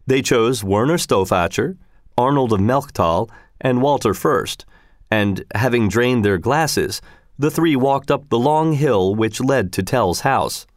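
A man's voice: medium pitch, no room sound. A man reading a storybook aloud in a dry, wry narrating manner.

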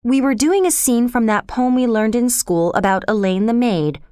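A woman's voice: on the high side, moderate pace, warm tone, clean tone, no echo, clean studio sound, lightly acted. A woman voicing a proud, stubborn young girl who speaks coldly and firmly. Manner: cold, firm and formal.

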